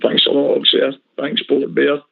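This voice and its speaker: Male caller, passionate, gravelly, phone-line sound. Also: mid-range voice, monotone, moderate pace. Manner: emphatic, passionate about football. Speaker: regular caller. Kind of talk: casual phone-in chat. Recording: phone-line call audio.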